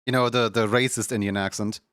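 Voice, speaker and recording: A man's voice: lowish voice, steady tone, fairly quick, a bit bright, clear, resonant tone, no room sound. Young male streamer, rambling casual chat, dry close sound. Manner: rambling, heavy filler words, laughs often. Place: home room.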